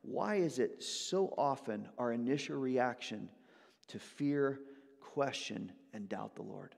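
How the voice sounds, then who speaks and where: A man preaching a sermon as pastor, building emphatically from hushed moments to loud ones. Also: on the high side, creaky. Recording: long hall reverb.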